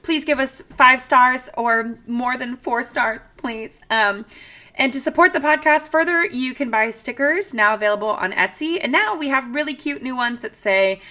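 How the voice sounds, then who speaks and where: Bright sassy lady ranting on her podcast, kinda high voice, drops to hushed asides. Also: normal speed. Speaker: podcast host. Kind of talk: comedic solo podcast rant.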